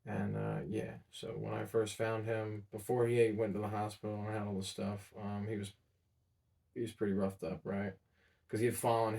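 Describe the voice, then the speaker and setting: A young man telling a personal story in a subdued, halting way, trailing off often with many fillers. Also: gravelly, a little mellow. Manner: subdued and low-key. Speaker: vlogger. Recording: voice sounding distant from the mic.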